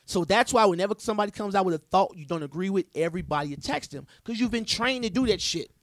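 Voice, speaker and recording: A man's voice: high voice, animated, quick pace, no room sound. Insistent man lecturing friends. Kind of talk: casual podcast chat.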